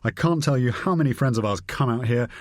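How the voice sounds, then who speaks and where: A man's voice: medium pitch, fairly quick, no room sound, studio quality, close to an everyday voice. A man voicing Knight, a smug, adenoidal older English bore who talks too much. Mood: pompous.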